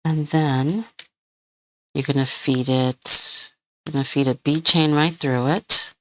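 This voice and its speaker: Her voice sits low, steady and slow, with a pushed, bright quality. Hosting a live crafting tutorial, she talks with viewers while working, wandering off on tangents, groping for words, and laughing often.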